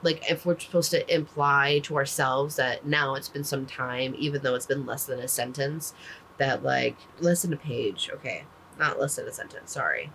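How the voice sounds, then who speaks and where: A woman's voice: extremely low pitch, moderate pace, fairly bright tone, a little hiss or hum, poor audio. A woman casually recapping a book, rambling with lots of "like" fillers and the odd swear word. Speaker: book reviewer.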